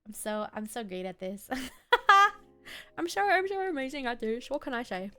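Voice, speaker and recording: A woman's voice: sits high, sing-song, moderate pace, pushed and bright, soft background music. A young adult woman streaming and chatting casually, rambling from one thing to the next and laughing often. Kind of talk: casual chat.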